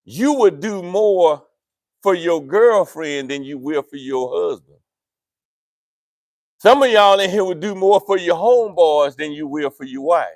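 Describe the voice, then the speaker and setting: A male pastor preaches with swooping, lively intonation and a fairly high voice. He teases the congregation in playful asides, and the sound is dry and close. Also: unhurried, dry recording. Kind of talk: sermon. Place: church sanctuary.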